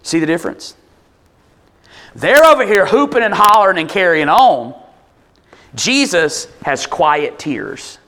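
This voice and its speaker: A man's voice: high voice, big pitch swings, measured pace, pauses often, pushed and bright. A male pastor preaching a conversational, expository sermon, firing rhetorical questions at the congregation.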